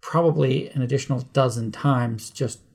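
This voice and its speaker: A man's voice: mid-range voice, moderate pace, creaky, darkish tone, husky. A man co-hosting a movie podcast, rambling and catching himself mixing up names. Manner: rambling, trips over names and corrects himself. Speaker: podcast co-host. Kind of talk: casual chat.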